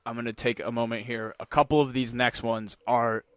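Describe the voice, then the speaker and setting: A man hosting a casual podcast chat, laughing often and getting excited. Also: medium pitch, brisk. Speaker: podcast host.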